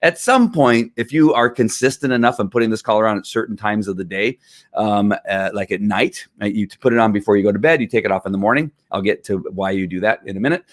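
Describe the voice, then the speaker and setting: A man's voice: fairly low pitch, quick pace, dry recording, clean studio sound. A man explaining dog training in a casual, emphatic way, now and then imitating barking dogs.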